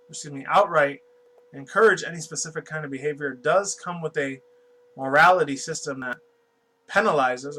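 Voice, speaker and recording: A man's voice: on the high side, pushed and bright, slight background noise, poor audio. Rambling, profane man reading news. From New York. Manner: rambling, profane, stumbles over words. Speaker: YouTube commentator. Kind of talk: casual commentary reading news aloud.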